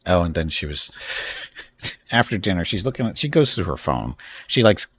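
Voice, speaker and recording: A man's voice: sits low, sing-song, normal speed, fairly bright tone, husky. A man hosting a casual live stream from home, rambling and chatting with frequent laughs. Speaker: streamer host.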